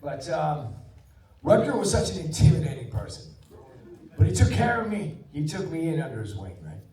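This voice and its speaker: A man in his sixties, an actor telling stories to a cinema audience before a screening, animated, dropping to a hush for quoted lines. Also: fairly high pitch, moderate pace, far from the mic. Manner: animated anecdotal storyteller, drops to a hush for quotes. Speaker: actor introducing a film screening. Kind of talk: live storytelling to a cinema audience. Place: cinema auditorium. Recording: roomy theater sound from off-mic.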